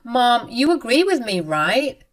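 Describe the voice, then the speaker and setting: A woman's voice: fairly high pitch, big pitch swings, a little slow, pitched above the performer's own voice. A woman voicing a spiteful, smug young sister-in-law in a dramatized story. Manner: smug, dismissive.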